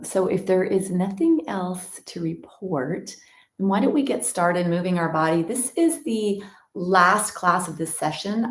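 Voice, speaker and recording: A middle-aged woman, her voice on the low side, is a yoga teacher chatting with students before an online class. She greets them by name and drifts easily from one thought to the next, with a roomy echo in the recording.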